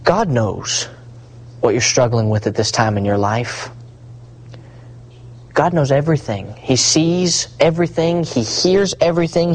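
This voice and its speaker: A man preaching a sermon, swinging between hushed asides and rising, emphatic repetition. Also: fairly high pitch, low-quality recording.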